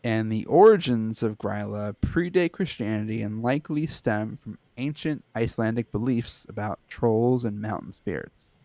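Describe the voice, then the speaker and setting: A man's voice: lowish voice, animated, moderate pace, few pauses, warm tone, no echo. A man co-hosting a podcast, chatting casually, loose and joking, with some swearing. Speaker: podcast co-host. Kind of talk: casual chat.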